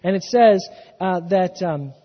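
A man with a high-pitched voice and lively intonation preaches a sermon at a measured pace, working off his notes. Unscripted, he restarts phrases and builds to a rising, emphatic delivery. The church hall sounds dull and echoing.

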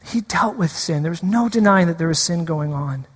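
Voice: medium pitch, animated, moderate pace, husky, long reverb tail. A preacher delivering a sermon, repeating key lines for emphasis and drawing the congregation in.

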